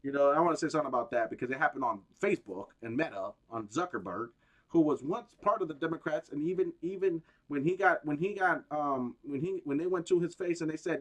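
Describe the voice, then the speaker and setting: A man's voice: fairly high pitch, fast, fairly bright tone. A man on a gaming stream ranting about politics, heated, profane and rambling.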